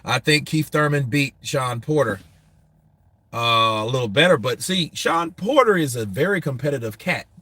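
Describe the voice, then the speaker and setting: A man hosting a boxing talk show, answering viewers in a casual, animated, profane way, and laughing often. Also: mid-range voice, normal speed, no room sound.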